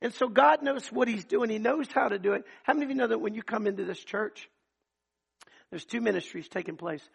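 Male preacher, sermon, high voice, gravelly fry, husky tone, loud then hushed. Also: fairly quick. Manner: swings from loud emphatic to hushed. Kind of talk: sermon with testimony stories.

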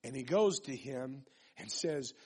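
A man's voice: medium pitch, lively intonation, unhurried, a little mellow, husky. A man preaching a sermon, reading scripture aloud and then building his points with repetition and questions to the congregation.

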